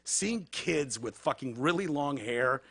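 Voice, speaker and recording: A man co-hosting a casual podcast at a middle pitch. His speech swings up and down in a lively, animated way, and he rambles and swears freely as he chats. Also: unhurried, vocal fry, breathy edge, no echo. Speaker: podcast co-host. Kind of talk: casual chat.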